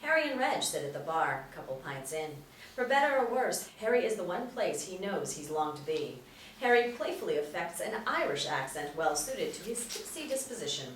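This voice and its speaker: A woman with a fairly low voice reads stage directions crisply. The mic is distant and the room is roomy, with faint noise. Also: very animated, moderate pace. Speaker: narrator.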